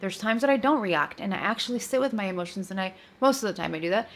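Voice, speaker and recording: A woman's voice: medium pitch, quick pace. Give me a candid woman in her thirties sharing a personal story on her podcast. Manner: candid, confessional, animated retelling. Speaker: podcast host.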